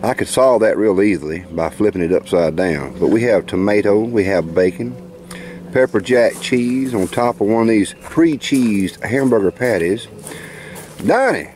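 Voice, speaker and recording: A man's voice: on the low side, normal speed, a little mellow, a little hiss or hum. Folksy man hamming it up outdoors. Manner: folksy, jokey, hammy food presenting. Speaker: vlogger filming a campout. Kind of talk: casual show-and-tell narration to camera. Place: outdoor campsite.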